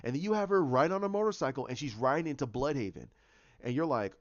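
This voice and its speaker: A man's voice: medium pitch, lively intonation, quick pace, no room sound. A man casually recapping a TV season, rambling with many restarts and fillers. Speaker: fan show host. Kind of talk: casual fan commentary. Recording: dull, lo-fi sound.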